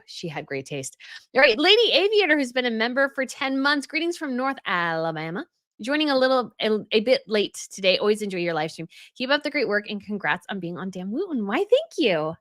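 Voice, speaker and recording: Young woman hosting a home livestream, chatty, reads out viewer comments, animated pitch, dry close sound. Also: dry recording. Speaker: royal news livestream host. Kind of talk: casual livestream chat reading comments. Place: home setup.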